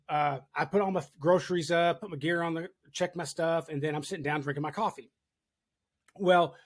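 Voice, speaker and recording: A man hosting a casual podcast, telling a firehouse story in a candid, storytelling way, swearing freely. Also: a little high. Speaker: podcast host, firefighter. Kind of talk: casual conversation.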